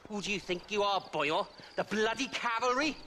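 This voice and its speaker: A man's voice: high voice, lively intonation, moderate pace, bright, forceful tone. A man voicing a bullying Welsh male outlaw with a taunting, sneering manner. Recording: game audio with noisy backdrop.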